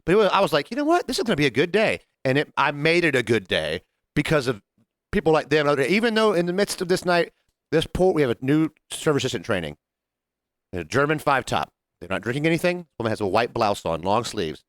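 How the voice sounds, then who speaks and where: A man talks quickly with a lively, swooping delivery, acting out the voices of customers and coworkers. He is recorded close and dry, in a casual podcast conversation with a friend. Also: medium pitch, dry recording. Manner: animated storyteller, acts out quotes. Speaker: podcast co-host, bartender. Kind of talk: casual chat.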